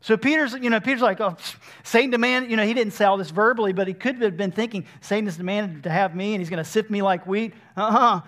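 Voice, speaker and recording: A man's voice: sits high, quick pace, a bit bright. A man preaching a sermon, explaining scripture earnestly and acting out the speakers in his own words.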